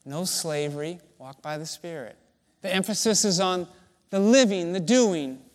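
A male pastor delivering a sermon in a fairly high voice. He speaks slowly and deliberately, leaning on pauses to let each phrase land. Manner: slow, deliberate preaching with emphatic pauses.

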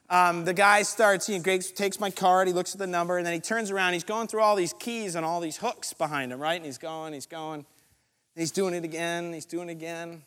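A man preaching a storytelling sermon, animated and acting out the other people's lines in the story. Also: high voice. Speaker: pastor. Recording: long reverb of a large hall.

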